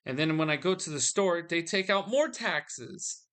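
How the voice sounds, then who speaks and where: A man's voice: fairly high pitch, lively intonation, a little slow, fairly bright tone. A man venting to his audience in a solo video, weary and frustrated, often restarting his sentences. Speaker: vlogger.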